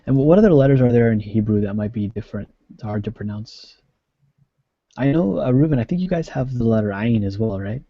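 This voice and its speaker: A man's voice: mid-range voice, expressive, brisk, no room sound, lo-fi sound. A man co-hosting a casual discussion on a video call, talking chattily with lots of "like" and fillers. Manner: chatty, filler-heavy, many likes. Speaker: co-host.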